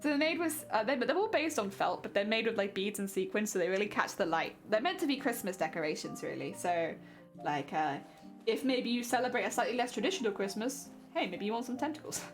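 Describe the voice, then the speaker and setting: A woman's voice: mid-range voice, animated, a little fast, soft background music. A young woman streaming, chatting playfully with her viewers while she crafts, often giggling.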